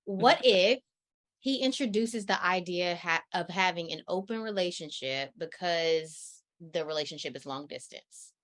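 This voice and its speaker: A woman co-hosting a podcast, asking short, measured questions in casual chat. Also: lowish voice, a bit bright. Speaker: podcast co-host.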